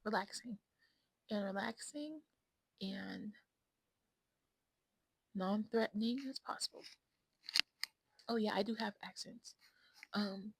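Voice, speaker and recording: A woman with a fairly high, breathy, husky voice chats casually to her viewers. She rambles and speaks bluntly, sliding into whispers now and then. The sound is dry and close, with no room echo. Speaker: vlogger. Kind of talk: casual chat to camera.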